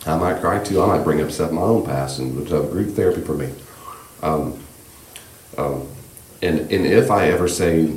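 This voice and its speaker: A man leading a church class on grief, speaking in a gentle, reassuring, conversational way with many fillers. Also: rumbling low, fairly quick, reverberant. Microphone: room microphone.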